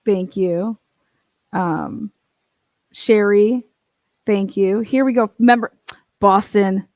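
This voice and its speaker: A woman's voice: mid-range voice, slow pace, pauses often, darkish tone, dry recording. A woman hosting a livestream, giving casual, blunt, profane commentary in an incredulous tone.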